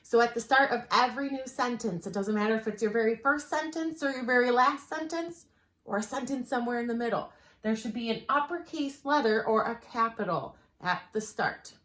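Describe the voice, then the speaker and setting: A woman teacher walks her class through a writing lesson in a clear, patient way, leaning on slow, stressed examples. Her voice sits a little high for a woman. The room around her is roomy and echoey. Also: a bit bright.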